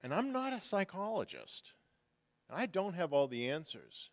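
A middle-aged pastor preaching a sermon, moving from storytelling into forceful preaching. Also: male voice, high-pitched, sing-song, a little slow. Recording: long reverb of a large hall.

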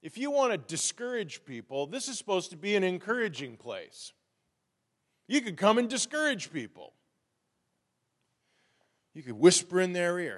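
A man preaching a sermon in a conversational, animated storytelling way. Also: sits high, moderate pace, long pauses. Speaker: pastor. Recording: reverberant hall.

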